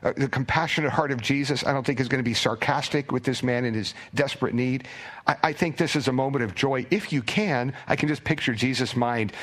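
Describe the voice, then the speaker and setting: A man preaching a sermon as pastor in a conversational way, with stammered restarts, sometimes dropping to a hushed near-whisper for emphasis. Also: mid-range voice, a little fast.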